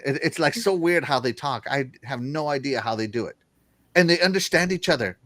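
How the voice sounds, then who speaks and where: A man's voice: mid-range voice, animated, brisk, a bit bright, no room sound. A man hosting a gaming news show, chatting casually in a rambling way and laughing often. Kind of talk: casual panel chat.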